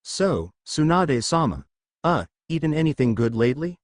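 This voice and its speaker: A man's voice: fairly high pitch, sing-song, moderate pace, no echo, studio quality. Naruto, eager clueless young ninja, read by a man. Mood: earnest. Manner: blunt, earnest, a little awkward. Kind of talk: fan fiction story reading.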